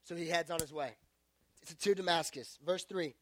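A young man preaching to a youth group, retelling a story in casual, animated words and joking along the way. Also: fairly high pitch, moderate pace. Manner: casual, animated storytelling with self-aware jokes. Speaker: youth pastor.

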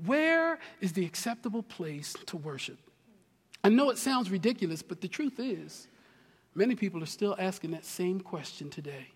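A man from New Jersey preaches in a very high register, his voice ringing through the long reverb of a large hall. He swings from near-shouts to hushed tones and drops in humorous asides. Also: normal speed, husky. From New Jersey, USA. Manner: animated preaching with big swings between loud and hushed. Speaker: pastor. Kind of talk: sermon.

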